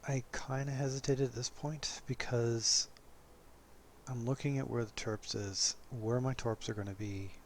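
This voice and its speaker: A man giving relaxed, casual commentary over his own gameplay footage, chuckling often and poking fun at himself. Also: mid-range voice, a little slow, a little hiss or hum.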